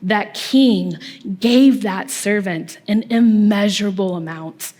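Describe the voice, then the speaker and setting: A woman's voice: medium pitch, slow pace, a little mellow. A young woman, a small group leader, giving a conversational youth-ministry sermon with asides and tag questions in a church hall. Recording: long reverb from a large hall.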